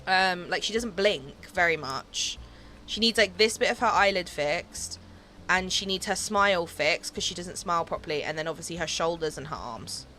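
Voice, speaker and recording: A woman's voice: on the low side, normal speed, bright, forceful tone, faint music behind. A woman streaming a game, chatting casually with viewers, giggling often and filling her talk with "um" and "like.". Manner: chatty, giggly, many fillers like "um" and "like". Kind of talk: casual livestream chat while gaming.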